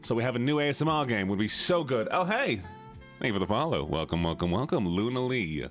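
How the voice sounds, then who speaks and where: A man's voice: mid-range voice, animated, quick pace, soft background music. A man streaming live, chatting casually and playfully with his viewers. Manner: bubbly, playful, chatty with chat.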